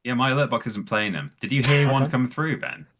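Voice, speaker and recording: A man's voice: medium pitch, lively intonation, a little fast, a bit bright. A man co-hosting a charity stream in casual chat, hesitant and full of ums.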